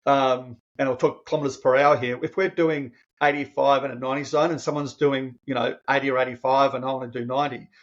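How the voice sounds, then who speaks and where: A man's voice: medium pitch, fast talker, hardly any pauses, dull audio. A man, a podcast guest telling a personal story in an earnest, emotional way and often restarting his phrases. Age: 50s. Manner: earnest, emotional, restarts phrases, animated when quoting himself.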